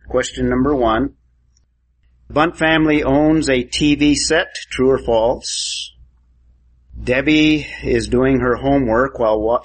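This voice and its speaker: Man, teacher, classroom lecture, husky voice, quizzes students. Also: medium pitch, rough recording.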